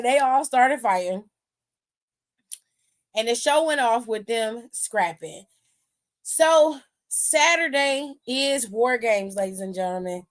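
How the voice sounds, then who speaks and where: A woman hosting a wrestling aftershow stream, talking in a sassy, profane, casual way and laughing often. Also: high-pitched.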